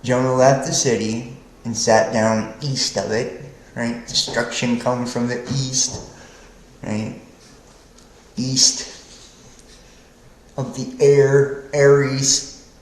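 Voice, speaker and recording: A man's voice: mid-range voice, steady tone, slow pace, pauses often, reverberant, low-quality recording. A man hosting a podcast, preaching in a rambling, profane monologue that keeps checking in with "right?". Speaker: podcast host.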